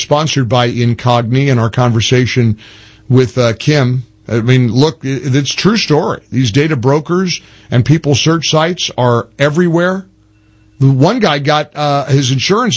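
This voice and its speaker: A man in his sixties hosting a political talk radio show, emphatic, spelling things out slowly and restarting his sentences. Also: mid-range voice, slightly rough. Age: 60s.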